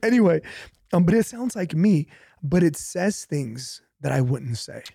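A man's voice: a little high, very animated, a little slow, creaky, dark tone, slightly rough, no echo, studio quality. A young man, a pastor, talking casually about faith, telling stories animatedly with laughs and repetition.

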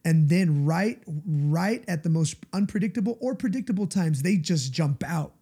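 A man's voice: fairly high pitch, lively intonation, normal speed, mellow, slightly rough. A male pastor giving a conversational sermon, earnest and confessional, often turning to the listeners for agreement.

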